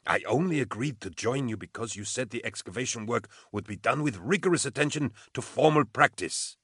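A man voicing a fussy, anxious male scholar who pleads plaintively and rises into shrill protest. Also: animated, fairly quick, fairly bright tone, husky, no echo, studio quality. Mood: pleading.

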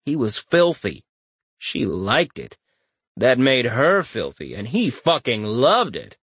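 A man's voice: medium pitch, huge pitch swings, slow pace, a bit bright, breathy edge, no echo. Man narrating a fantasy audiobook, dry.

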